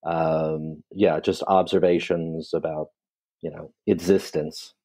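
A man's voice: a bass voice, level tone, slow pace, warm tone. A middle-aged man chatting casually as a guest on a call, wry and rambling. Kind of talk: casual chat.

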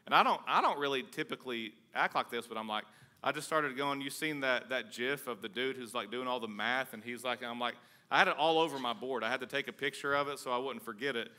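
A man, a pastor preaching a conversational sermon with a casual, joking, energetic manner. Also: mid-range voice, fast.

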